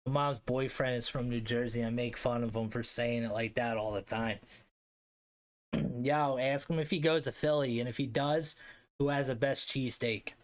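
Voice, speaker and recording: A man's voice: mid-range voice, steady tone, moderate pace. Casual Philly-accented man on a stream. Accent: Philadelphia. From Philadelphia area, US. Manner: loose and slangy, swears, answers chat aloud. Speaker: streamer host ranking hockey league teams. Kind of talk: casual live-stream commentary.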